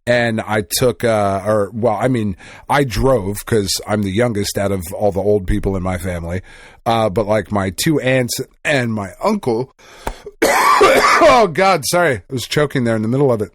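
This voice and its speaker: A man's voice: on the low side, normal speed, slight background noise. A male podcast co-host in casual chat, swearing freely and rambling through stories with restarts. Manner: profane, rambling storytelling.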